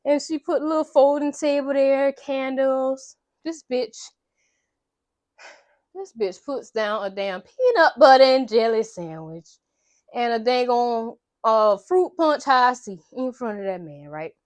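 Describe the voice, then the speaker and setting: A woman casually recapping a movie in a chatty, animated, slangy way, cursing freely. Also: high-pitched, unhurried, no room sound. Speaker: vlogger.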